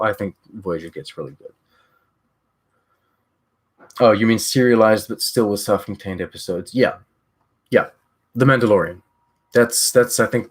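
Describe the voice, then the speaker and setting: A man's voice: on the low side, breathy edge. A man from New Zealand chatting casually and with strong opinions on his live stream, rambling with many fillers and restarts.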